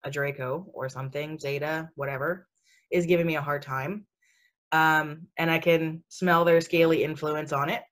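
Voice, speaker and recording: A woman talking casually about spiritual matters, chatty and sassy with lots of fillers and frequent laughter. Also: deep voice. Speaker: spiritual speaker. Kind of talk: casual podcast chat.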